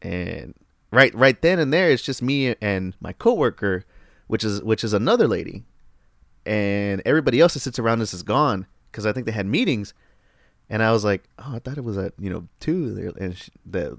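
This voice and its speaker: A man telling a story in casual chat, animated and profane, laughing often. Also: on the low side, fairly quick, gravelly, dry recording, clean studio sound.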